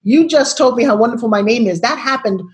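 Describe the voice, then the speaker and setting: A woman in her sixties, a guest on a video call interview, telling her story in an expressive, dramatic way. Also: fairly high pitch, fast talker.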